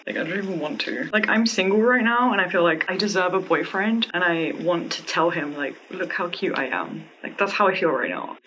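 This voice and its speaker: A woman vlogging a casual product review at home, gushing and excitable, with many "like" fillers and frequent giggles. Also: fairly low pitch, fairly quick, hardly any pauses, a little hiss or hum, poor audio. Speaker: beauty vlogger reviewing a wig.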